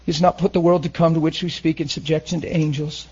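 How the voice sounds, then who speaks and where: Husky emotional preacher man. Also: fairly high pitch, flat delivery, quick pace, muffled recording. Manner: emotional, swings from loud to hushed. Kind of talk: sermon.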